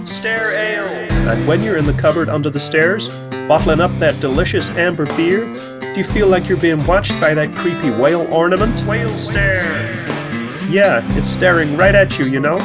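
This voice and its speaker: A man reading a spoof radio advert, stretching out each product slogan in a slow deadpan. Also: on the high side, close to an everyday voice. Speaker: fake advert announcer. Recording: loud guitar music behind.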